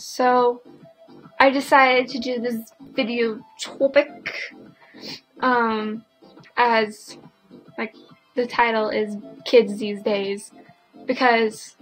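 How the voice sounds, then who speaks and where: A teenage girl ranting casually to camera, rambling and indignant, filling every pause with "like". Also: fairly high pitch, flat delivery, faint music behind, low-quality recording. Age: teens. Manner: rambling, packed with "like" fillers; indignant, opinionated. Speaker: vlogger.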